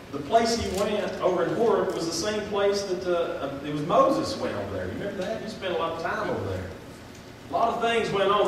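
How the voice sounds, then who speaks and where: A man, a pastor, preaching a sermon in a church, moving from quiet reflection to loud, impassioned preaching. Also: a little high, background noise. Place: church sanctuary. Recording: echoey church hall from far off.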